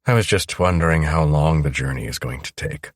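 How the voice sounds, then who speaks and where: A man reading a first-person audiobook in a steady, measured way. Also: very deep voice, no room sound, clean studio sound. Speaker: audiobook narrator.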